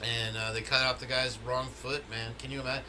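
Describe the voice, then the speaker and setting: A man's voice: mid-range voice, flat delivery, a little fast, a crowd in the background. A man hosting a casual conspiracy podcast, rambling and repeating words as he thinks. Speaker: podcast host.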